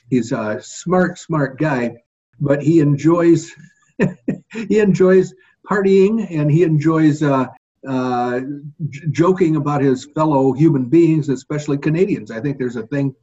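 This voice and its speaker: A man hosting a podcast in casual chat, folksy and rambling, joking along with filler pauses. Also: a little high, warm tone, breathy edge, highs cut off. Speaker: podcast host.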